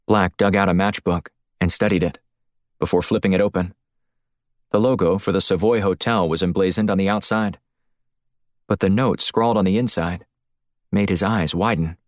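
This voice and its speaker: A man reading a thriller audiobook in a steady, even storytelling voice, recorded close on a studio mic. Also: low voice, normal speed, no room sound. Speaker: audiobook narrator. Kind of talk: scripted narration.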